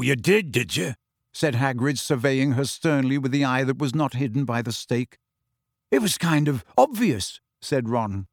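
A man narrating an audiobook in an expressive storytelling voice. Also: mid-range voice, no room sound, clean studio sound.

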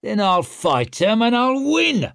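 A man voicing a brash, cocky young warrior king who speaks boastfully and loudly, raising his voice well above his own. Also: a little high, very animated, measured pace, no echo, studio quality, voice pushed up. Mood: triumphant. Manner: boastful, swaggering, loud.

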